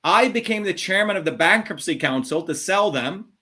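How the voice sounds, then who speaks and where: A man's voice: sits high, lively intonation, moderate pace, bright, forceful tone. A middle-aged man hosting a call-in show, talking in a blunt, combative way, with swearing and heavy emphasis. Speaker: show host. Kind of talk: heated call-in monologue.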